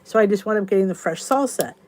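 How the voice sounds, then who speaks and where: A woman's voice: mid-range voice, lively intonation, fast talker, a little mellow. Chatty woman host rambling to viewers. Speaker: YouTube channel host. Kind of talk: casual chat to viewers.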